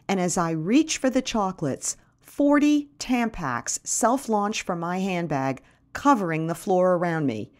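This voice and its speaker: Woman storyteller, animated and wry, comic first-person tales. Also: lowish voice, unhurried, few pauses. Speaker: podcast host and storyteller.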